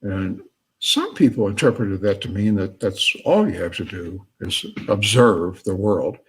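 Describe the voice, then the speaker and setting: A man's voice: fairly low pitch, animated, unhurried, husky. A man lecturing and telling a joke story, laughing at his own punchlines.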